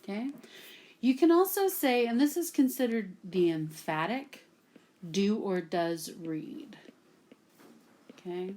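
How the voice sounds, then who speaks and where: A woman's voice: mid-range voice, expressive, slow, long pauses, a little mellow. A woman from Texas, teaching a classroom grammar lesson at a whiteboard and patiently checking in with "okay?" after nearly every point. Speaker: Latin teacher.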